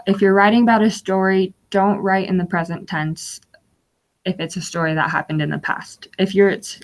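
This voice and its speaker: A young woman giving an instructional webinar, explaining slides step by step with frequent fillers. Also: lowish voice. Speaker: webinar guest speaker.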